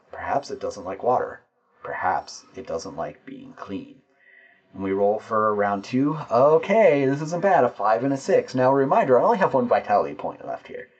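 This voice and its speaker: A man's voice: on the low side, a little mellow, husky, muffled recording. A man playing a tabletop game solo, narrating the scene and explaining his dice rolls and rules as he goes.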